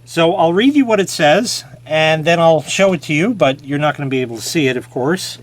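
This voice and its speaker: A man's voice: on the high side, expressive, brisk. A man casually showing an old gadget on camera, joking and mocking himself as he rambles. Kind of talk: casual show-and-tell.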